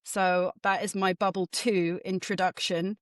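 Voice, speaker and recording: A woman's voice: medium pitch, measured pace, dry recording, clean studio sound. Chatty English woman with mid-Atlantic twang. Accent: mixed English and mid-Atlantic. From England, Norfolk. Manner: chatty, self-deprecating, animated. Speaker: guest author and development economist. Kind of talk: casual interview chat.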